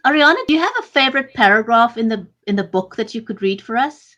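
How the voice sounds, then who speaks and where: A woman hosting a live interview show over a video call, talking in an effusive way with quick asides. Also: fairly high pitch, lively intonation, pushed and bright, dull audio. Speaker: show host.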